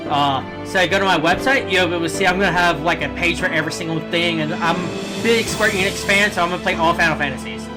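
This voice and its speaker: A man chatting casually while live-streaming a game, rambling and excitable, with game music clearly behind. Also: high-pitched, quick pace, hardly any pauses.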